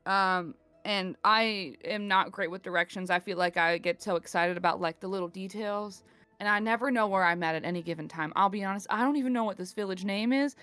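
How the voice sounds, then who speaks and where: A woman's voice: medium pitch, fairly quick, fairly bright tone, clear, resonant tone, dry recording, soft background music. A woman playing a tabletop game, voicing a chatty, apologetic circus troupe leader who rambles and slips into a slight southern twang. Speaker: player. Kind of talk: in-character tabletop role-play.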